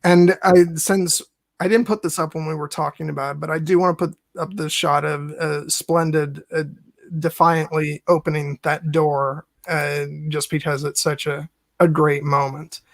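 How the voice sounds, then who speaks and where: A man hosting a film discussion podcast, speaking haltingly with many restarts and occasional chuckles. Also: fairly high pitch, flat delivery, creaky, no echo. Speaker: podcast host.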